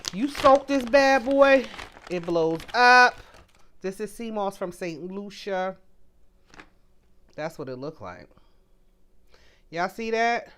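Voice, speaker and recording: Animated woman chatting live with viewers. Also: mid-range voice, a little hiss or hum. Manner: animated, talks straight to viewers, reads out comments. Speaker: livestream host. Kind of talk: casual livestream chat.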